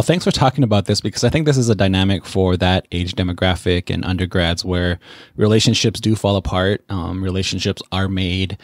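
Podcast host, man, very deep voice, dry close sound, reflective and supportive. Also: dry recording. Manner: reflective, supportive, many fillers and restarts. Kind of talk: casual podcast interview.

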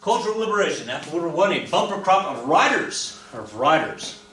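Speaking a little fast in a slightly high voice, a man teaches a history class that's being recorded, and the audio is reverberant. He's winded yet jokey and animated, acting out voices and counting dance steps as he explains.

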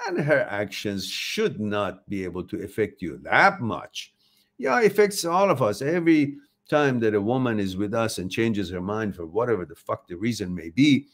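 Blunt, swearing man with lively pitch. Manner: blunt, swears freely, emphatic. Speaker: host. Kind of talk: motivational talk to viewers.

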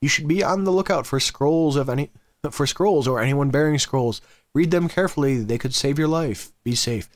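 A man's voice: fairly high pitch, moderate pace, no room sound, clean studio sound, lightly acted. A man voicing a secretive, paranoid stranger who gives curt commands from behind a door. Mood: commanding.

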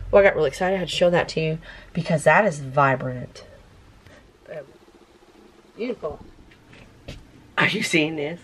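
A woman's voice: low-pitched, expressive, unhurried, long pauses, slight background noise. A woman, casually narrating her tie-dye session and gushing over the colors, sometimes dropping to a whisper. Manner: gushing, talks softly to the colors, drops into whispers. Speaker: craft vlogger reviewing tie-dye colors. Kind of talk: casual narration while working.

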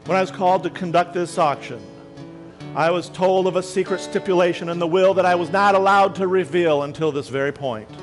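A man's voice: high-pitched, fairly even intonation, a little fast, soft background music, lightly acted. A man voicing a formal, persistent auctioneer who keeps pressing for bids. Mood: insistent.

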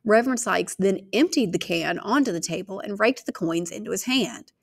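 A woman reading a novel aloud in a steady narrating manner. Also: mid-range voice, moderate pace, gravelly, husky. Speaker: reader.

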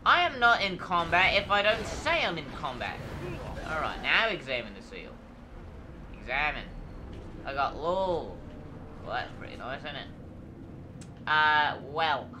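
A man's voice: a little high, very animated, a little slow, long pauses. Man putting on a rambling gnome bard. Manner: rambling in-character chatter with a shifting put-on accent. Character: chatty grumpy male gnome bard. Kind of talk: role-play commentary over a video game. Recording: clear background noise.

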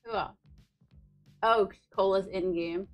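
A woman's voice: medium pitch, fairly even intonation, slow. A young woman streaming live, chatting casually and greeting viewers by name, bubbly and giggly. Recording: with faint music behind.

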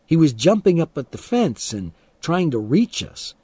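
A man reading a first-person story aloud as an audiobook narrator, calm and expressive, for English learners. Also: a little high, moderate pace, breathy edge, no room sound.

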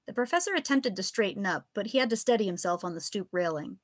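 A woman reading her own comic novella aloud with a lively, animated delivery. Her pitch moves around a great deal. The recording is dry, with no room sound. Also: fairly quick, few pauses, no echo. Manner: expressive, animated storytelling. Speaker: author and reader. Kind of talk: live fiction reading.

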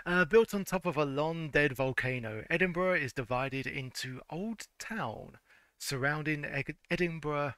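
A man talks through a retro game in a bright, slightly high voice, reading its place descriptions aloud. He trips over words, corrects himself and laughs along the way. The sound is dry and close. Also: unhurried, no echo. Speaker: let's-play host. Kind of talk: casual gameplay commentary, reading game text aloud.

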